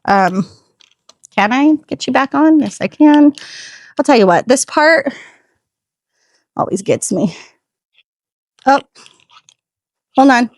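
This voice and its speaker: Outdoors in her driveway at home, a woman detailing a car chats casually to her phone camera on a tripod, sassy and prone to ranting asides. Her high, expressive voice takes things slowly with frequent pauses, and there's no echo.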